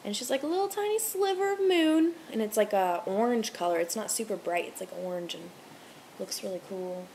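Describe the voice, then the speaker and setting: A woman's voice: mid-range voice, expressive, brisk, a little mellow, slight background noise. A young woman in her twenties, a restaurant server, chatting to camera at home, rambling, swearing freely and ranting heatedly. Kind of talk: casual chat to camera. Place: home room with TV on.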